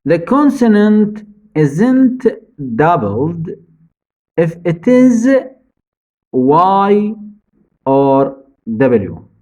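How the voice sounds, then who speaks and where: A man teaching English spelling rules, speaking slowly and deliberately, repeating each rule for his students. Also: very animated, dark tone, low-quality recording. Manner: stresses key words, drops low at phrase ends. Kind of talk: slow spelling-rule lesson.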